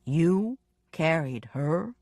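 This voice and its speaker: A woman doing a brisk young male rescuer. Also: sits low, lively intonation, a little mellow, no room sound, studio quality, voice pushed down, heavily acted.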